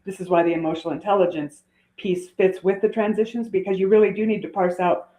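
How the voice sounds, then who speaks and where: A woman's voice: mid-range voice, fairly even intonation, fast, warm tone. A woman guest on a podcast interview, explaining earnestly and often restarting her phrases. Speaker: guest author and coach. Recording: tinny phone-like line in an echoey room.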